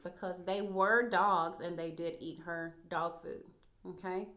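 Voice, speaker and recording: A woman teacher leads a reading lesson for small children on video. She talks slowly and encouragingly, sounding out each word with care. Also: mid-range voice, fairly even intonation, sharp tone. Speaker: first grade teacher.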